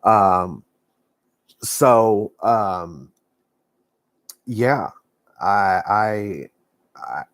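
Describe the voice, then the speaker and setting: A low-pitched Texan man, a knitting vlogger, chats casually on a live stream from his home living room. He's folksy and rambling with plenty of fillers, and the audio is clean studio sound without echo.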